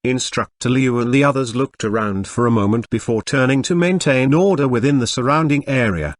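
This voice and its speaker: Brief: synthetic male storyteller, steady web novel read, dry studio sound. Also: medium pitch, a little fast, dry recording. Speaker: narrator. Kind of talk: scripted audiobook narration.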